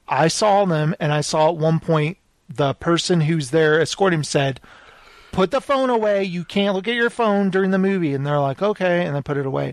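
A man co-hosting a podcast in casual chat, an animated storyteller who acts out what people said. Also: on the high side, moderate pace, dry recording. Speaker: podcast co-host.

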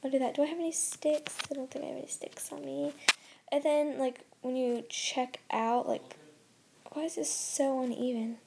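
A woman hosting a gameplay channel, chatting and rambling as she builds, her voice soft and worn from recording. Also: high voice, fairly even intonation, normal speed, creaky, background noise. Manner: chatty, rambling, thinking aloud while building. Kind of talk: casual gameplay commentary.

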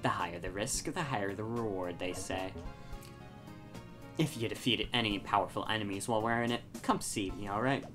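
A woman voicing a dry, weary male clerk in a video game, quiet and offhand. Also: extremely low pitch, brisk, music in the background. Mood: wry.

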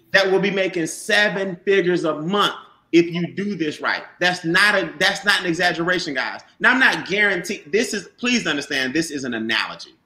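A man giving an animated, repetitive motivational sales talk about a home business, calling on listeners by name. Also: sits high, echoey room. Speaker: business opportunity presenter.

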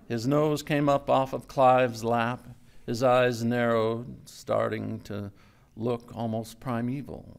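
A man giving a live literary reading of a story, in a measured storytelling manner that drops low and quiet for tense moments. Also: gravelly. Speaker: writer reading his own story. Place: stage before a live audience.

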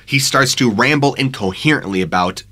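A man's voice: medium pitch, animated, moderate pace, noisy background. A man narrating scary true stories in a dramatic, suspenseful storytelling manner on a studio microphone.

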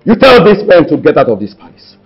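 Brief: vengeful Nigerian prince, low husky voice, lively, dull film audio with music. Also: male voice, moderate pace, exaggerated voice. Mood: threatening. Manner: threatening. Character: bitter, vengeful young prince in a wheelchair. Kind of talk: Nollywood film acting.

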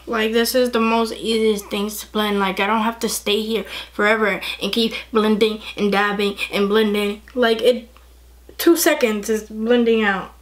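A young woman chatting excitedly through a casual makeup tutorial, gushing over the products. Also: mid-range voice, normal speed. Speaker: beauty vlogger.

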